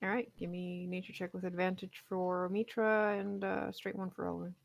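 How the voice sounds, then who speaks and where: A woman's voice: on the low side, flat delivery, moderate pace, vocal fry. A woman running a tabletop game as game master, chatty and laughing often, with plenty of ums.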